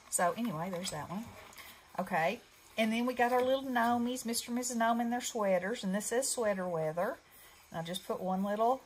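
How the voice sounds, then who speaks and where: A woman's voice: medium pitch, a little hiss or hum, poor audio. A middle-aged woman, chatting casually as she shows off her handmade craft projects, rambling with fillers. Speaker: craft channel host. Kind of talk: casual craft show-and-tell.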